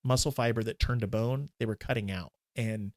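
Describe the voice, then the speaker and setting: A man in his forties, a minister and podcast guest, telling a candid, emotional personal story in a halting way with many restarts. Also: lowish voice, steady tone, a little mellow, dry recording, clean studio sound.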